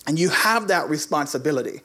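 A man preaching a sermon, quoting scripture and then telling a lively, conversational personal story. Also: a little high, brisk.

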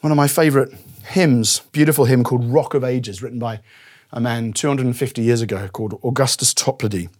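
A middle-aged man preaching a sermon as pastor, moving from soft, reflective reading to forceful, stressed points. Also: mid-range voice, brisk, slightly rough.

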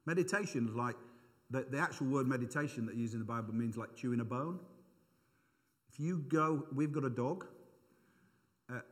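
A man's voice: mid-range voice, normal speed, pauses often. A middle-aged man giving an informal, conversational sermon, thinking aloud with self-deprecating asides. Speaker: preacher. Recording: long hall reverb.

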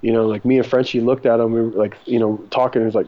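A man's voice: medium pitch, flat delivery, rapid-fire, dull audio. A man telling a long, profane, rambling story as a podcast guest, with frequent laughter. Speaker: podcast guest, cannabis breeder. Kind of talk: casual storytelling interview.

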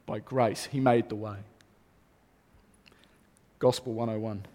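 A man's voice: lowish voice, steady tone, slow pace, warm tone. A man, a pastor, preaching a sermon earnestly and repeating key phrases for emphasis. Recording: long reverb of a hall.

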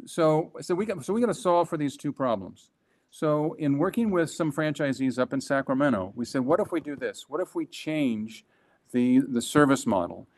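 A man with a fairly high-pitched voice, once a franchise executive, tells a business tale as a guest in conversation. His delivery is emphatic and animated, marked by rapid restarts.

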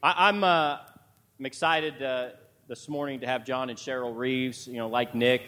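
A man's voice: mid-range voice, fairly even intonation, normal speed, pushed and bright. A man pastor opening a church service, teasing the congregation with light jokes before introducing guests. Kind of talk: sermon intro with light humor.

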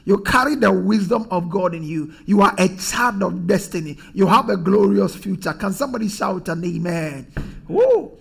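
A man's voice: sits high, moderate pace, creaky, few pauses, fairly bright tone, breathy edge. A man preaching a sermon as pastor, emphatic and repetitive, reading scripture aloud.

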